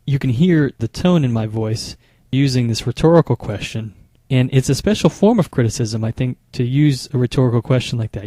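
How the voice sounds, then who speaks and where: A man speaking as a marriage therapist, explaining calmly and methodically, often restarting his phrases. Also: medium pitch, dry recording. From United States. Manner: measured, explanatory, with frequent small restarts. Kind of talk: instructional talk to camera.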